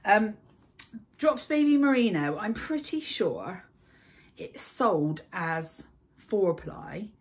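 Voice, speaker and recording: A young woman chatting casually about her knitting projects in a baby's room at home, gushing and breathy, with frequent ums. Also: mid-range voice, expressive, slow pace. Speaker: knitting vlogger. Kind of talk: casual chat.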